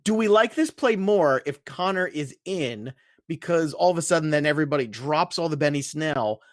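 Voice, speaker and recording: A man co-hosting a casual fantasy football podcast, talking in an excitable, emphatic way and laughing often. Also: a little high, moderate pace, dry recording, studio quality. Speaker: podcast co-host.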